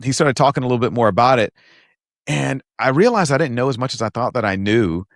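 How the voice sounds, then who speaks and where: A man hosting a podcast interview in a relaxed conversational way, often affirming his guest. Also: mid-range voice, fast talker, no room sound, clean studio sound. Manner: affirming, conversational, frequent "mm" and "yeah". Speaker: podcast host. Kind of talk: casual interview chat.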